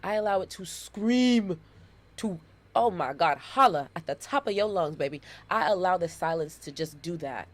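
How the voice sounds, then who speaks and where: A woman in her thirties hosts a solo podcast in a loose, animated way, driving her points home by repeating them. Her voice sits a little low for a woman. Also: normal speed. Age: 30s. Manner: animated and playful, with dramatic repetitions. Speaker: podcast host. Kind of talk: casual solo podcast monologue.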